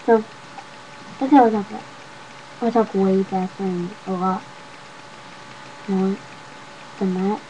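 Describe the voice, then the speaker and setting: A woman's voice: medium pitch, steady tone, slow, long pauses, warm tone. A young woman chatting casually to her webcam at home, rambling and talking to viewers as y'all. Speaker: vlogger. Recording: dull lo-fi webcam audio with faint noise.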